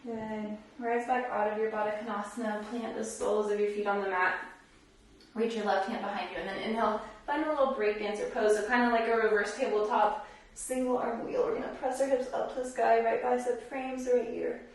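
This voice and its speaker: A woman yoga instructor guiding a class, giving calm, encouraging cues paced with the breath. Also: a little high, a little fast, far from the mic. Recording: very echoey room, voice from off the mic.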